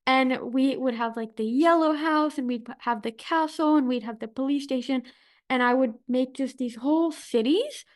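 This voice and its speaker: Brief: American woman host, chatty storyteller, giggly, lots of "like", slightly high pitch. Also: moderate pace. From United States. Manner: animated storyteller, laughs often, many "like" fillers. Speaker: podcast host. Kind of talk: casual interview chat.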